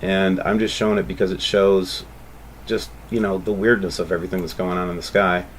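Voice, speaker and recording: A man hosting a channel, talking casually and excitably over photos, rambling and calling out to viewers. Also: low-pitched, brisk, a little hiss or hum. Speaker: channel host.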